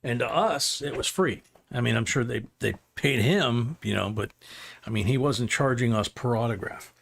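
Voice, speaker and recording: A man's voice: medium pitch, normal speed, creaky, a bit bright. A middle-aged man hosting a livestream, rambling through a casual anecdote with chuckles. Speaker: livestream host.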